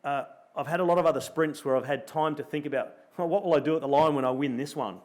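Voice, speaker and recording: A middle-aged Australian man, a former pro cyclist, telling a lively story at a luncheon and acting out his own thoughts as he goes. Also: on the high side, fast talker. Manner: animated storyteller, acts out his own thoughts in quoted asides. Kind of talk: storytelling in a live interview. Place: luncheon event room.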